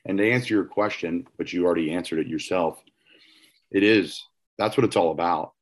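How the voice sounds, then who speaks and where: A man's voice: sits low, fairly quick. A man hosting a podcast, talking in a reflective, rambling way. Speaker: podcast host. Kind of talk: casual conversation.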